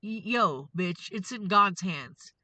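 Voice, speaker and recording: A woman's voice: medium pitch, expressive, takes it slowly, sharp tone, no echo, poor audio. A woman hosting a tarot reading vlog, ranting in an angry, profane, confrontational way. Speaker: tarot reader and show host.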